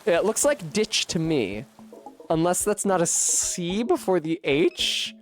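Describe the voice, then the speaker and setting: A woman's voice: fairly low pitch, expressive, unhurried, soft background music. A woman streaming a game, reading its dialogue aloud and making joking, profane asides. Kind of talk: let's play with voiced dialogue.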